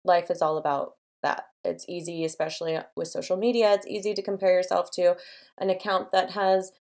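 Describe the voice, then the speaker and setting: A woman's voice: fairly low pitch, steady tone, brisk, a little mellow. A young adult woman hosting her own channel, giving encouraging, chatty business advice to camera with many fillers. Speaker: design studio owner and channel host.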